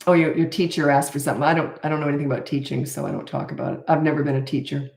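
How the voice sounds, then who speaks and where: A woman in her fifties, answering parenting questions on a live stream in a calm, plain-spoken way. Her voice sits low. The room around her sounds echoey. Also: rapid-fire, vocal fry. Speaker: parenting coach.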